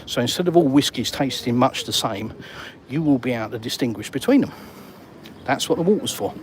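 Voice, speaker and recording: Cheeky English bloke on a stroll. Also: male voice, medium pitch, lively intonation, a little fast, darkish tone, a little hiss or hum. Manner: cheeky, bantering, slangy. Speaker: vlogger. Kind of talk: casual walk-and-talk vlog. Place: outdoors on an urban seafront street.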